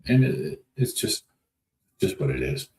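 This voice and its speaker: Reading comments on his livestream, a North Dakota man keeps things folksy, easygoing, and rambling. His voice is low with a darkish tone, a measured pace, and wide pitch swings; the room echoes and carries faint noise.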